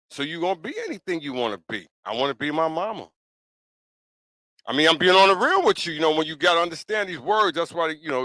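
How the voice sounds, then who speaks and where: A man hosting a talk podcast in a loose monologue, with a voice that sits a little high and has a bright, forceful edge. He hammers his points home bluntly and keeps circling back to them. The sound is dry and close, with almost no room around it. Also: no echo. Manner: blunt, emphatic and repetitive, with frequent "you know what I'm saying". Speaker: podcast talk show host. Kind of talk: casual opinion monologue.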